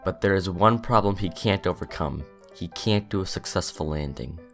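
Low-voiced man narrating deadpan. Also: moderate pace, gravelly, music in the background. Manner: flat, matter-of-fact captions between clips. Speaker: video editor narrating. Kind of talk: dry scripted narration.

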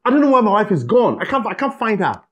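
An actor playing a furious betrayed husband, husky and accusing. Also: male voice, sits high, very animated, fast, heavily acted. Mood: angry. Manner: bitter, accusing, shouting in bursts. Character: furious betrayed husband, young adult man.

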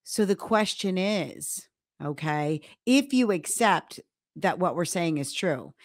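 A woman's voice: lowish voice, animated, slow, no echo, clean studio sound. A middle-aged woman co-hosting a podcast, explaining her points emphatically in casual talk. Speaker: podcast co-host.

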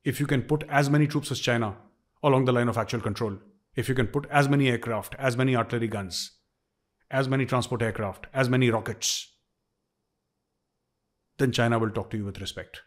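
Forceful Indian man giving commentary. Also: medium pitch, brisk, long pauses. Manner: forceful, emphatic, repeats for stress. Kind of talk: opinion commentary.

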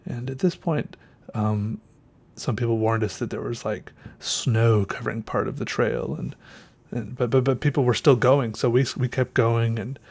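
A man's voice: mid-range voice, steady tone, moderate pace, gravelly, a little mellow, slightly rough. Rambling, breathless podcast man. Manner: rambling, self-correcting, trails off with fillers. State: slightly out of breath. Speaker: podcast host. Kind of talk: casual storytelling monologue.

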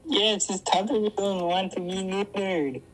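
A woman in a comic improvised role-play chat, making casual, deadpan asides. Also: medium pitch, measured pace.

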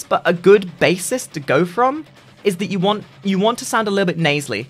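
A gaming streamer giving a casual voice-training tutorial in a lively, sing-song way, often restarting sentences. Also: fairly quick, breathy edge, soft background music. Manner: lively, sing-song delivery with frequent restarts, dropping into deep demo voices.

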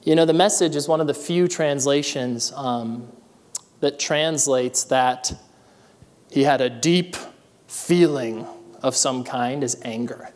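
A man's voice: mid-range voice, slow pace, a little mellow, in a large hall. A man preaching a sermon as pastor, reading scripture and then calling out to his congregation with building energy. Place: church sanctuary.

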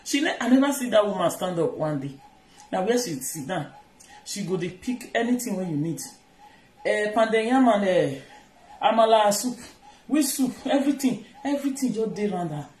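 A woman's voice: mid-range voice, lively intonation, moderate pace, a little mellow, roomy sound, rough recording. A woman with a Nigerian accent chatting casually and teasingly while doing chores in her kitchen, rambling and switching between languages. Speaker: vlogger. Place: home kitchen.

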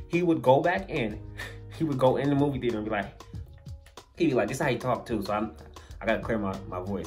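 A man's voice: mid-range voice, quick pace, long pauses, darkish tone, faint music behind. A young adult man telling a funny personal story to camera in a casual, slangy way, laughing as he goes. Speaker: storyteller vlogger. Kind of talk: casual story-time monologue.

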